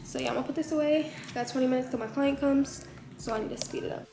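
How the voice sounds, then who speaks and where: A young woman from Florida talks loosely and slangily to her phone camera, her nose stuffed up from a cold. Her voice sits a little high. Music plays clearly behind her at home. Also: fast, mellow. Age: 20s. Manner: laid-back, slangy, talks straight to viewers. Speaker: vlogger. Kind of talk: casual vlog chat. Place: her apartment, indoors.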